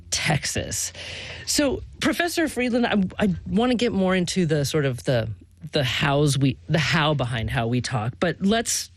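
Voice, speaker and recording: A woman hosting a public radio interview, speaking in a measured, thoughtful way with some restarts. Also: sits low. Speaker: radio show host. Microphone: studio mic.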